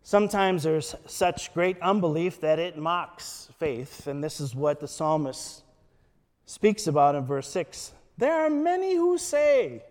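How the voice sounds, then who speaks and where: A man preaching a sermon as a pastor, quoting scripture in a slow, deliberate way. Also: on the high side, very animated, a little mellow, long reverb tail.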